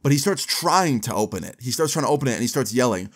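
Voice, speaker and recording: A young man telling a story to camera in a casual, animated way, with slang and swearing, acting out what other people said. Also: mid-range voice, quick pace, slightly rough. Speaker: storyteller vlogger.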